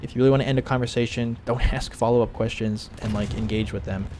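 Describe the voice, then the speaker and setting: A man's voice: medium pitch, steady tone, fast talker, noisy background. A man telling a rambling, profane story as casual gaming commentary while he plays. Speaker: gaming streamer.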